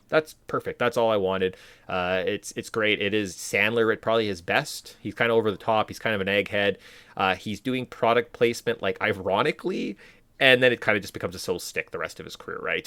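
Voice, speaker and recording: Low-voiced podcast host, chatty and rambling. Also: male voice, a little fast, sharp tone, dry recording. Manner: enthusiastic, rambling with fillers. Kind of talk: casual podcast chat.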